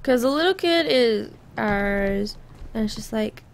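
A woman's voice: fairly high pitch, expressive, unhurried, gravelly. A woman giving casual, rambling let's play commentary, chatting to herself as she plays.

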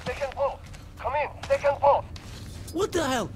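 An actor playing an irritated guard who yells for a missing comrade, in video game dialogue. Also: male voice, extremely high pitch, moderate pace, noisy background. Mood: exasperated. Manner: shouting, exasperated. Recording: distant game audio with music.

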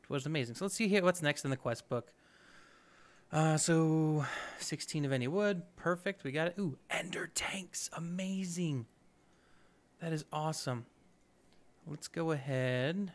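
A man's voice: a little high, a little slow. A man hosting a let's play, giving upbeat, chatty gameplay commentary and thinking aloud as he goes.

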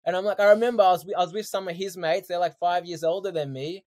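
A man, a podcast guest telling his story in casual, animated chat, laughing often. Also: high voice, fast. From Australia.

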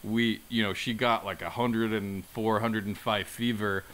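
A man's voice: fairly low pitch, steady tone, measured pace, fairly bright tone. A man hosting a casual film podcast, summarizing in an easygoing way with many fillers. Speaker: podcast host.

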